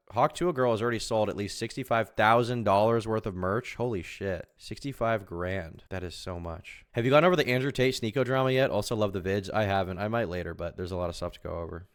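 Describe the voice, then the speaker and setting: A man's voice: on the low side, fairly quick, hardly any pauses, smooth. A young man commenting on a live stream, wry and rambling with sarcastic asides. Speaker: live streamer reacting to clips.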